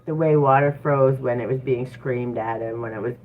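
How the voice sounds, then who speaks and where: Low-voiced woman on tinny audio. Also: steady tone, moderate pace. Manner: chatty and encouraging, with frequent fillers. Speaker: tarot reader. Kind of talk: casual livestream reading. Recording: tinny phone-like audio with faint noise.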